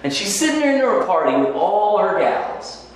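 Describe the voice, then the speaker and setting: A man teaching Talmud in an animated, storytelling way, his pitch leaping up and down as he drives each point home. He mixes in Hebrew quotations. The sound is very echoey, with a faint hum of ambient noise behind him. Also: moderate pace. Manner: lively storytelling with Hebrew quotes and acted asides. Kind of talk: animated Torah lecture.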